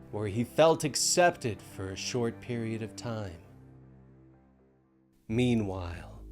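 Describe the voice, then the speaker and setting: A man narrating a comic book story in a dramatic scripted style. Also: mid-range voice.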